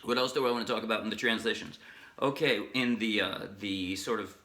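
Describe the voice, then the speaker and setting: A man teaching a ukulele song in a relaxed, chatty way, breaking off now and then to sing a line. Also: lowish voice, a little fast. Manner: chatty, self-interrupting, sings snatches while strumming. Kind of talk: casual music tutorial. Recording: ukulele strumming under the voice. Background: ukulele playing.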